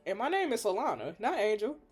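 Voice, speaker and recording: A woman's voice: medium pitch, big pitch swings, fast talker, a little mellow, slightly rough, soft background music, voice pushed down. A woman voicing a baron's daughter in a story game, a courteous and bewildered young noblewoman, read aloud in a fairly plain voice. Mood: puzzled. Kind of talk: reading game dialogue aloud.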